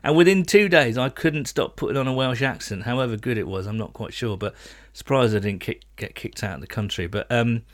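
A man hosting a podcast, chatting casually and filling pauses with "um" and "uh". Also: medium pitch. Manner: relaxed, chatty, frequent fillers. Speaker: podcast host.

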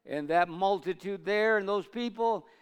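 A man's voice: measured pace, smooth. Preacher man with a resonant voice. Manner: dramatic swings between loud urging and low asides; call-and-response with congregation. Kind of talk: sermon. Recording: long reverb of a large hall.

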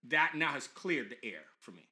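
Lively, bright-voiced storytelling dad. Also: male voice, mid-range voice, moderate pace, reverberant. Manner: animated storytelling, acts out quotes. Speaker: podcast host, father. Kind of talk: casual podcast chat.

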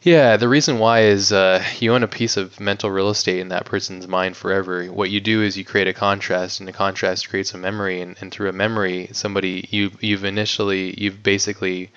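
A man's voice: low voice, flat delivery, fairly quick, few pauses, fairly bright tone, smooth. A man talking as a guest filmmaker in a casual interview, rambling with lots of "like" and the odd swear word. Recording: dull lo-fi audio.

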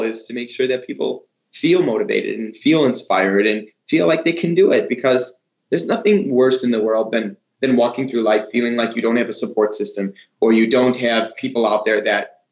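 Male guest, hairdresser-educator, eager and animated, roomy slightly muffled sound. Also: mid-range voice. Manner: enthusiastic, animated storytelling. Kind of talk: casual interview talk.

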